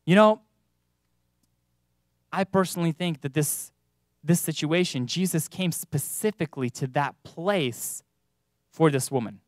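A man preaching a sermon in church, earnest, with emphatic rises and slow stressed words. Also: fairly high pitch, no echo, clean studio sound.

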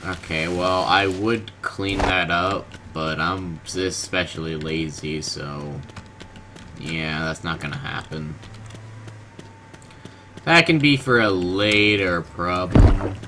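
A man giving casual gameplay commentary, low-key and monotone, groggy from just waking up, in his bedroom. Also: slow. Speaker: gaming video host. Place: hot bedroom with a fan. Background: fan and keyboard noise.

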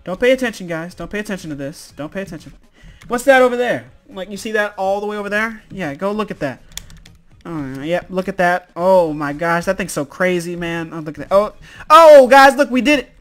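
A man's voice: high voice, fairly quick, a bit bright. A man hosting a let's-play video, commenting in an exasperated, exclaiming, self-mocking way. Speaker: gaming video host.

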